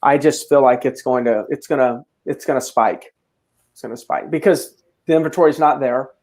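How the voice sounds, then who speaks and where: A man's voice: mid-range voice, moderate pace, darkish tone. A man co-hosting a real estate show, giving his opinions in a casual way and often restarting his sentences. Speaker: realtor co-host. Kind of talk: casual market discussion.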